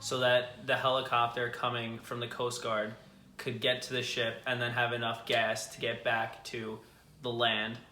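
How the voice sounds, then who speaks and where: A man's voice: mid-range voice, completely flat delivery, normal speed, bright, forceful tone, echoey room, a little hiss or hum. A young man co-hosting a vlog and telling a story casually to camera, upbeat and laughing often. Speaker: vlog co-host.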